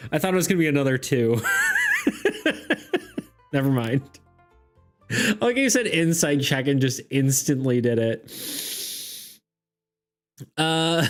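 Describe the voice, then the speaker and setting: A man running a tabletop game as game master, narrating loosely with lots of fillers and frequent laughter. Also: mid-range voice. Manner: giggly, rambling, lots of fillers.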